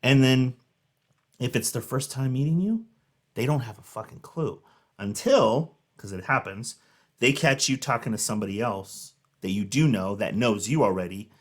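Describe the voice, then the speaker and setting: A man's voice: mid-range voice, animated, normal speed. A man in his thirties hosting a reaction video, chatting casually and telling a rambling, filler-heavy story. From Southern California.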